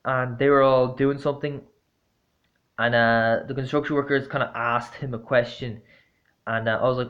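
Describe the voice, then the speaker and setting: A man's voice: medium pitch, steady tone, moderate pace, fairly bright tone. A man vlogging, telling a story in a casual, rambling way with lots of fillers and restarts, blunt and exasperated. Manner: blunt, swearing, exasperated retelling. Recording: dull lo-fi recording.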